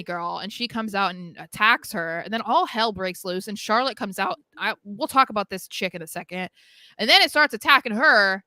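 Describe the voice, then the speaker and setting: Young woman, podcast co-host, chatty recap voice: bright and crisp, close and dry. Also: on the high side, no echo. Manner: chatty, full of fillers, acts out quotes. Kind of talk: casual wrestling recap chat.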